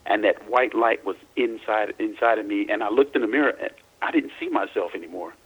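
A middle-aged man, a guest author, recounting his experiences in a halting way, repeating words as he searches for them. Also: fairly low pitch, breathy edge, low-quality recording. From Louisiana, US. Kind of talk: casual interview, recounting personal experiences.

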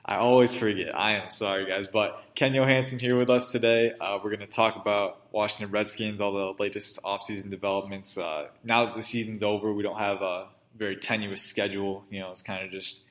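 A man's voice: lowish voice, steady tone, a little fast, few pauses, fairly bright tone. A man hosting a sports podcast, talking casually in a loose, rambling way with plenty of fillers. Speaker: podcast host.

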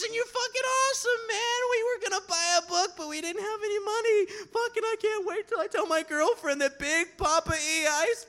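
A man's voice: fairly high pitch, fairly bright tone, clean tone, lightly acted. A man playing a gushing young cop. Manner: swears freely, gushes with enthusiasm. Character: young male traffic cop, gushing excitable fan.

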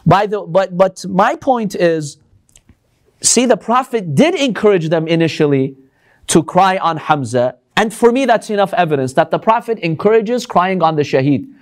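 A man lectures a live audience on religion. His voice sits high and swings widely in pitch as he presses his points with one rhetorical question after another. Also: expressive, moderate pace.

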